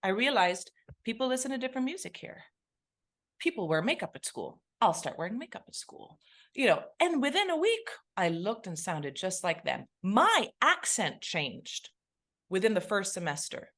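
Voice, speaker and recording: A woman from England, a podcast guest, telling her personal story in an animated way and close to tears. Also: mid-range voice, moderate pace. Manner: animated, acts out remembered voices. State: emotional, near tears.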